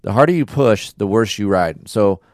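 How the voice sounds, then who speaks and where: A man hosting a casual podcast, telling a story in a relaxed, slangy way. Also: lowish voice, normal speed, no room sound, studio quality. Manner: laid-back storytelling with slang. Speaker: podcast host. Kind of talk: casual chat.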